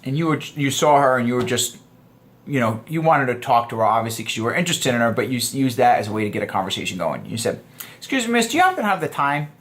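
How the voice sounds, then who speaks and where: A man's voice: mid-range voice, fast talker, a bit bright. A young man giving a casual dating lesson to camera, talking loosely and acting out both sides of example conversations. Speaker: dating coach. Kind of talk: casual instructional talk to camera.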